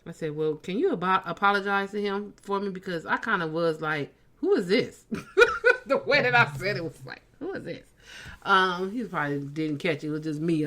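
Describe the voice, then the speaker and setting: A woman's voice: lowish voice, a bit bright. A woman comedian and podcast host telling a story in casual chat, acting out the dialogue she quotes.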